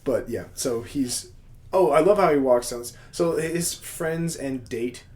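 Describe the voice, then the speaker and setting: A man's voice: medium pitch, unhurried, a little mellow. A man co-hosting a podcast, casually recapping a horror film, laughing often and acting out the characters' lines. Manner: laughs often, acts out scenes in quoted voices. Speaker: podcast co-host. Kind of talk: casual movie recap chat.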